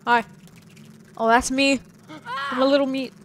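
A woman's voice: sits high, flat delivery, measured pace, heavy background noise. A woman casually commenting as she plays a horror game, chatty and giggly, talking to the characters on screen. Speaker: gaming video host. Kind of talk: casual let's-play commentary.

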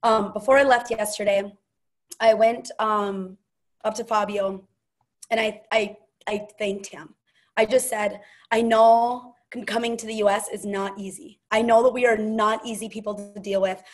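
A woman's voice: mid-range voice, little pitch movement, normal speed. A woman hosting a casual team call, telling stories and quoting people in a chatty, gushing way. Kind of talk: casual storytelling chat.

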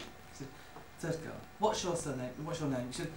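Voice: medium pitch, brisk, gravelly, reverberant, recorded from a distance, a loud crowd, poor audio. A speaker telling jokes at home and acting out the characters. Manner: animated storyteller who acts out the characters. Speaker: joke teller.

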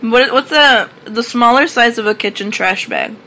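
A woman's voice: a little high, normal speed, bright, forceful tone, rough recording. A woman co-hosting a podcast, chatting casually and telling personal stories, sometimes swearing. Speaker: podcast co-host. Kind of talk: casual chat, telling anecdotes.

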